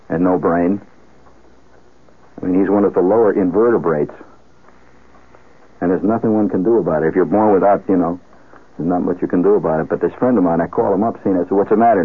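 A man telling a rambling comic story on the radio, animated and full of asides and restarts. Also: low voice, slightly rough. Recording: tinny phone-like old radio broadcast.

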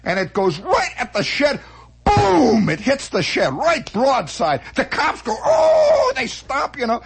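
A man telling a comic story from his childhood as a monologue, animated, acting out sound effects and voices with many restarts. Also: very high voice, measured pace, vocal fry, a little hiss or hum.

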